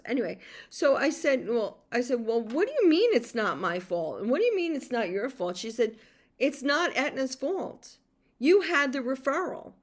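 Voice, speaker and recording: A middle-aged woman caregiver telling a personal story in an emotional monologue, venting with heated outbursts and frequent swearing. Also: high-pitched. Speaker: podcast host and caregiver.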